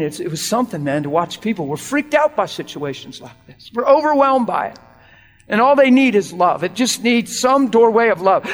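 A man's voice: high-pitched, fairly bright tone. A man preaching a sermon as a story, acting out quoted voices with bursts of laughter. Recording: long reverb with faint music.

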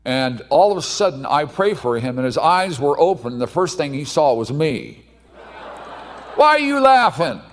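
A man preaching a sermon, telling a story with animated delivery and sudden shouted outbursts. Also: mid-range voice, moderate pace, few pauses, a little hiss or hum. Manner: animated, acts out voices, bursts into shouts.

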